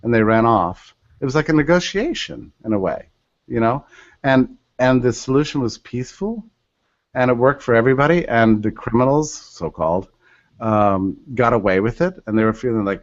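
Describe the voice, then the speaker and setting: A man's voice: mid-range voice, normal speed, no room sound. Storytelling man, dry dull audio. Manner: animated, acts out quoted voices. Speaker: podcast guest. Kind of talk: storytelling in a podcast interview.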